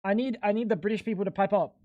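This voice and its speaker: A young man streaming live, joking loosely with chat, swearing freely and jumping up into high incredulous squeaks when something baffles him. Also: very fast, no echo, highs cut off.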